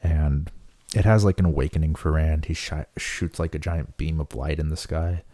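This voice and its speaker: A man casually recapping a book for his channel, excited and full of "like" and "um". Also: very deep voice, moderate pace, no room sound. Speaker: book reviewer.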